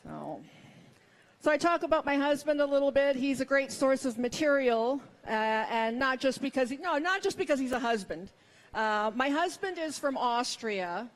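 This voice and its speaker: A woman's voice: sits high, expressive, normal speed. A middle-aged woman performing a stand-up comedy set, with wry, self-mocking punchlines.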